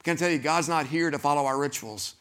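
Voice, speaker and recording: A man preaching a sermon as pastor, animated, acting out quoted voices and putting questions to the congregation. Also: fairly high pitch, fast talker.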